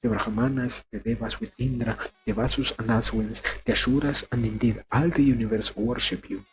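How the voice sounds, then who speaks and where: A man's voice: mid-range voice, steady tone, a little fast, a little hiss or hum, natural voice, rough recording. A man reading as a weary old sage father. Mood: stern.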